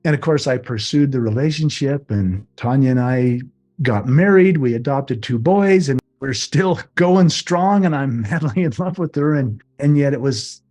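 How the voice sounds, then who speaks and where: Middle-aged male guest, earnest storyteller, mid-pitched voice, soft music underneath. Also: lively intonation, moderate pace. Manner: earnest, acts out remembered dialogue. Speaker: interview guest. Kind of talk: personal storytelling.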